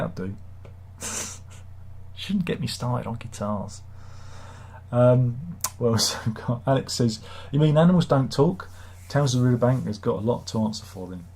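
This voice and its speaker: A man hosts a casual live stream, reading viewers' comments and grumbling about them in a sardonic, rambling way. His voice is husky and sits in a middle pitch. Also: darkish tone. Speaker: livestream host.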